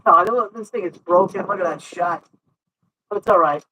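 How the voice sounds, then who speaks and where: A man's voice: high-pitched, a little fast, sharp tone, no room sound, poor audio. A man with a Brooklyn accent hosting a casual live chat outdoors on a windy night, talking in a chatty, joking way. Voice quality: thick New York speech, chatty and jokey. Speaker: livestream host. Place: outdoors at night under an umbrella in wind.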